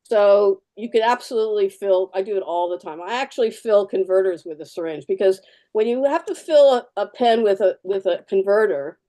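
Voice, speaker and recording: A woman's voice: medium pitch, fairly quick, warm tone. A woman artist giving a live fountain pen demo, chatty and practical, repeating key words for emphasis. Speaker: artist demonstrating fountain pens.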